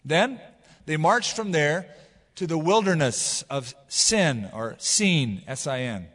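A man preaching a sermon as pastor, retelling scripture in a casual, animated way. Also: on the high side, takes it slowly, big-room sound. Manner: casual, animated storytelling with paraphrase.

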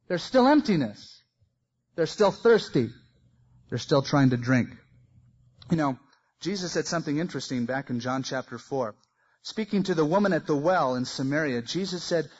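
A man preaching a sermon, swinging between loud emphasis and soft, quiet phrases. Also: a little high, lively intonation, moderate pace, husky, lo-fi sound. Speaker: pastor.

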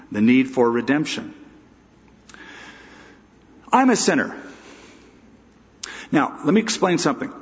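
A man's voice: mid-range voice, big-room sound, highs cut off. A pastor giving an emphatic, conversational expository sermon, asking his listeners rhetorical questions.

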